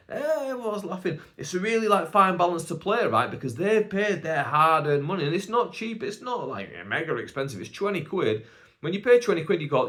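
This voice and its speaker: A man, a stand-up comedian, telling anecdotes on his own podcast in a casual, animated way, acting out the people in his stories. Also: fairly high pitch, fast. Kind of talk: casual storytelling monologue.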